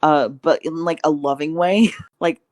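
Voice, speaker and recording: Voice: mid-range voice, steady tone, unhurried, darkish tone, no echo. A podcast guest in casual chat, chatty and laughing often.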